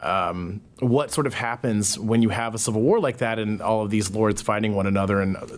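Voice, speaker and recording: A man talking as a podcast guest, thoughtful and hesitant with many pauses and fillers. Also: lowish voice. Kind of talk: casual conversation.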